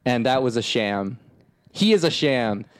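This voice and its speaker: A man's voice: medium pitch, sing-song, unhurried. A man co-hosting a comedy podcast, riffing playfully through rambling stories. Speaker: podcast co-host. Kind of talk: improvised comedy banter.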